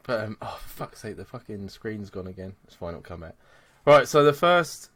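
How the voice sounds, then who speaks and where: A man hosting a podcast, chatting casually, excitable and swearing a lot. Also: on the low side, normal speed, a little hiss or hum. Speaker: podcast host. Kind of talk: casual chat.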